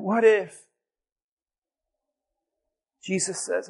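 Man preaching, high voice, animated storytelling, loud bursts then hushed asides. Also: measured pace, gravelly, pauses often. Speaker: pastor. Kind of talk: sermon.

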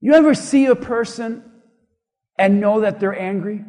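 A male pastor preaching a sermon, impassioned and emphatic, dropping to hushed tones at times, in a large church hall. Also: high-pitched, moderate pace. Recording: long reverb of a large hall.

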